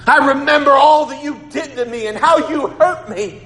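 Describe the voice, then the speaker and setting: A man preaching and voicing a grown ruler in Egypt who rebukes his brothers in a loud, accusing voice. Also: very high-pitched, normal speed, voice pushed up. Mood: reproachful. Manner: accusing, rising to a shout. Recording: long hall reverb, faint noise.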